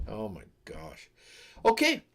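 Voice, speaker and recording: A man's voice: lowish voice, huge pitch swings, slow pace, pushed and bright. A man hosting a livestream, chatting casually and rambling with jokes aimed at his viewers. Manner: rambling and jokey, talks to the chat. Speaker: livestream host. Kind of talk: casual chat with live viewers.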